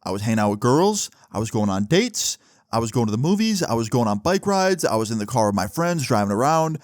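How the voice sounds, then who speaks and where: A blunt, overprotective middle-aged father who lectures in a stern tone, as a young man quotes him. The voice sits at an ordinary pitch, recorded close and dry with no room sound. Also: very animated, a little fast, no echo, close to an everyday voice. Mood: lecturing.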